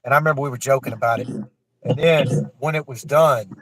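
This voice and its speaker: A man, telling a raw, emotional personal story with cursing and halting restarts. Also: mid-range voice, a bit bright, slight background noise, rough recording. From Florida Panhandle.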